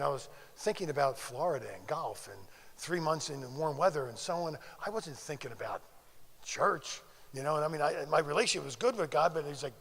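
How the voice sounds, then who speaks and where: An older man giving a conversational faith testimony at a conference, telling stories and acting out the dialogue. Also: on the high side. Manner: storytelling, conversational, acts out quoted dialogue. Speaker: conference speaker. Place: conference hall. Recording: long hall reverb.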